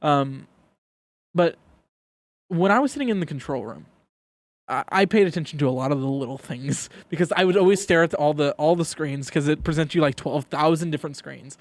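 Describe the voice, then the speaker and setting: A man's voice: on the high side, a little fast, no echo. A young man co-hosting a podcast in casual chat, telling stories and repeating words as he thinks. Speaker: podcast co-host.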